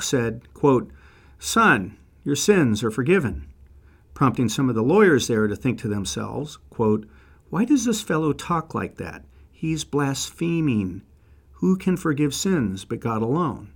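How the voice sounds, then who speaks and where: A man narrating a scripted lecture on biblical history, reading quotes aloud and adding wry asides. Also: medium pitch.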